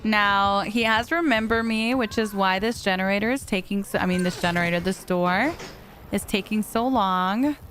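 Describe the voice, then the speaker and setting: A woman's voice: medium pitch, moderate pace, a bit bright, slight background noise. A woman streaming a game live, chatting casually and answering her viewers between plays. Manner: chatty, reads chat aloud and answers viewers. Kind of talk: live gameplay commentary.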